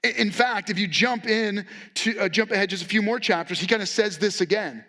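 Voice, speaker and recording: A man's voice: sits high, a little fast, hardly any pauses, sharp tone. A male pastor giving a sermon in a conversational, candid way, acting out the quotes he reads. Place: church.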